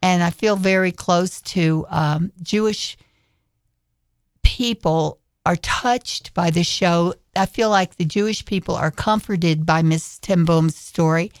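A woman guest in a radio studio, speaking in a slow, earnest way with pauses. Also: lowish voice, clear, resonant tone, no echo. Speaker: guest performer. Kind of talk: radio interview.

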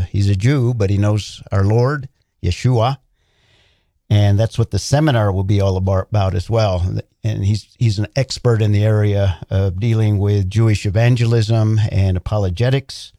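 A man speaking as a regular guest on a live talk radio show, earnest and unhurried. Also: on the low side, warm tone, no echo, studio quality. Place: radio studio.

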